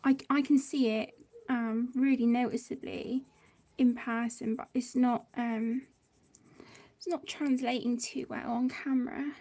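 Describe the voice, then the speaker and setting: A woman hosting a casual livestream, talking in a gentle, halting, effusive way. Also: on the high side, fairly even intonation. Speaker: livestream host of an adult colouring channel.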